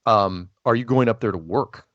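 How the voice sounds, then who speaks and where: Guy hosting a call-in show, rambly and animated, keeps restarting, dry muffled sound. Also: lowish voice, moderate pace, no room sound. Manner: rambling, animated, self-interrupting. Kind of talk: casual call-in chat. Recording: dull, lo-fi phone-style sound.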